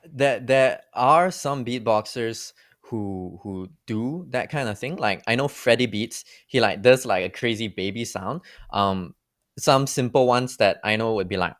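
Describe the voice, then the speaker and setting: A man's voice: mid-range voice, unhurried, a bit bright, dry recording, clean studio sound. A man who is a beatboxing guest on a reaction show, chatting casually and peppering his sentences with fillers. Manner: loose, filler-heavy, lots of "like". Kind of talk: casual chat.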